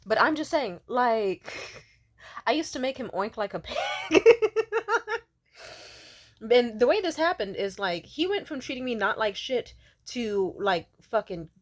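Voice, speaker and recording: A woman's voice: on the high side, lively intonation, measured pace, pauses often. A young woman vlogging to camera, telling a story casually in a brash, profane way, breaking into laughter often.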